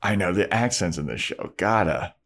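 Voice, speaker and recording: A man co-hosting a laid-back podcast, talking in a low voice as he recaps a TV episode. He is loose and jokey, swears now and then, and slips into silly character voices. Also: expressive, normal speed, fairly bright tone. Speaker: podcast co-host. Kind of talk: casual chat recapping a TV episode.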